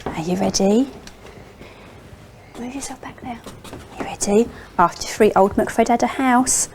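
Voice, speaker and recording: A woman's voice: fairly high pitch, a little slow, crowd noise. A woman teacher leading young children through a sing-song phonics game in a classroom. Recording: loud background noise.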